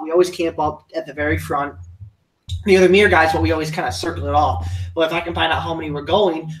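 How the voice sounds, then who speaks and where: A man's voice: a little high, far from the mic, slight background noise. A man on a casual podcast, practically laying out plans and rambling a bit. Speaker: podcast co-host, event organizer. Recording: roomy echo, away from the mic.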